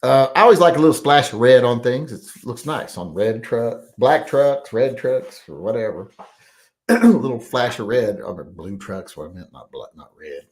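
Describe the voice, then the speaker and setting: A man hosting a casual livestream, his pitch rising and falling in an animated way. He talks in a loose, rambling manner, with lots of "uh"s and throat clearing as he reads out the chat. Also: moderate pace. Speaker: livestream host reading viewer chat.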